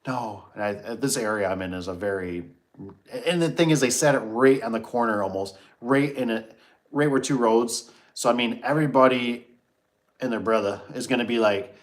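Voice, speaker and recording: Man, middle-aged, chatty livestream host, animated, mid pitch. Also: moderate pace. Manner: animated, acts out his own reactions. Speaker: livestream host reading chat. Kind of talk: casual storytelling chat.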